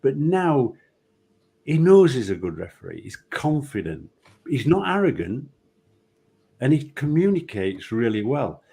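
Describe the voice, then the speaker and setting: A man's voice: mid-range voice, unhurried, creaky, pauses often, slightly rough. An older man, a former referee, telling anecdotes and acting out the people in them. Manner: lively storyteller, acts out quotes. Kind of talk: anecdotal storytelling.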